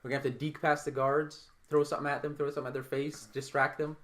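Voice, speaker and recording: A young man playing a tabletop game, brash and profane, quick to joke. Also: on the high side, flat delivery, a bit bright. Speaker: player. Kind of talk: casual tabletop play.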